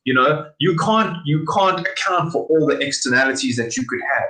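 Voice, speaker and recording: A man's voice: on the high side, animated, moderate pace, hardly any pauses, sharp tone. A man appearing as a podcast guest, making his points casually and with some swearing. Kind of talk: casual chat. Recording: roomy echo.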